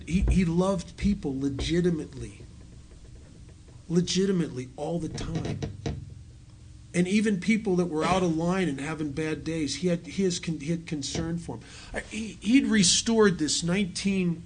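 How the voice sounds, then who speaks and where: Man, middle-aged, recovery meeting speaker, self-mocking humor, slightly high voice, faint hiss behind. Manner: joking, self-mocking storyteller. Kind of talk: personal recovery talk to an audience. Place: meeting hall with a live audience.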